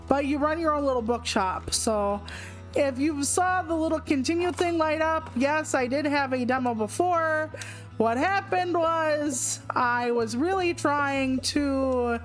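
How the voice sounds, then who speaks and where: A woman in her forties hosting a let's play, chatting in a goofy, self-mocking way. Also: high voice. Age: 40s. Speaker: gaming channel host. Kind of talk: casual let's play commentary.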